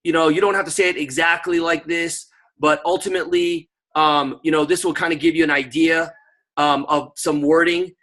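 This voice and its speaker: A man with a bright, forceful voice pitched a little high runs a sales training over a video call. He coaches with emphatic energy, sprinkling in fillers and quick asides to his listeners. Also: steady tone. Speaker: network marketing trainer. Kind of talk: online sales training session.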